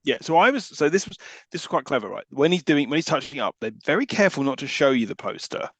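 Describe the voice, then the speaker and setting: Quick guy making wry jokes about a film, dry close mic. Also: fairly high pitch, very animated, dry recording. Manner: quick, wry asides and interjections. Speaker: podcast co-host. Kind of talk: casual film discussion.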